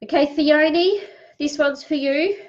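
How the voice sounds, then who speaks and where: A woman's voice: high voice, takes it slowly, dull audio. Woman reading out affirmation cards. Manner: reads affirmations aloud, addresses viewers by name. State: sniffling. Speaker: psychic card reader. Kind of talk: live-streamed card reading.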